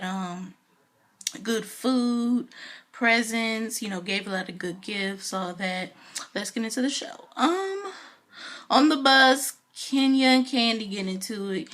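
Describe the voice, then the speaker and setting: A woman's voice: mid-range voice, fairly bright tone. A woman recapping a reality show on her video channel, chatty and opinionated, with lots of fillers and asides. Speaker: video reviewer.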